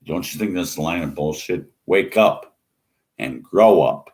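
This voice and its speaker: A man's voice: low-pitched, expressive, measured pace, darkish tone. A man ranting scornfully in a monologue, mocking and repeating himself. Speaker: atheist vlogger.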